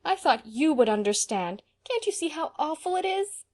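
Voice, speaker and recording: A woman's voice: high voice, big pitch swings, normal speed, darkish tone, voice pushed up. A woman reading an audiobook, voicing a sensitive, imaginative young woman who speaks with emotional, imploring intensity. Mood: anguished. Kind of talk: audiobook character voice.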